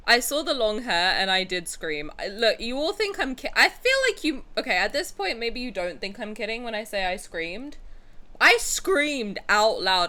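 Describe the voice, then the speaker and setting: A young woman streams and chats to her viewers in an excitable, dramatic way, full of crude jokes. Her voice is bright and her pitch swings widely. She speaks into a desk mic at her streaming setup. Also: moderate pace. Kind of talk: casual livestream reaction chat.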